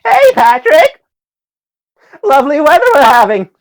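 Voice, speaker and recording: A man putting on a squeaky, strained high voice for a cheerful, manic cartoon sponge character. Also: big pitch swings, a little slow, heavily acted.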